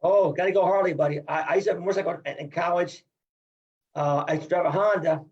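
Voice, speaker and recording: A man's voice: fairly high pitch, steady tone, fast, a little mellow, muffled recording. A middle-aged man from Iowa, a wrestling coach, talking in a casual podcast interview in an emphatic, upbeat, folksy way.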